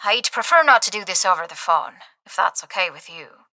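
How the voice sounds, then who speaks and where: A guarded, reluctant prison inmate with a soft Irish lilt. He gives short, clipped answers and hesitates between them. His voice comes through a phone line, set against the quiet of a dry studio sound. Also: high-pitched, lively intonation, fairly quick, no echo, full character voice. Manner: terse, clipped, hesitant replies.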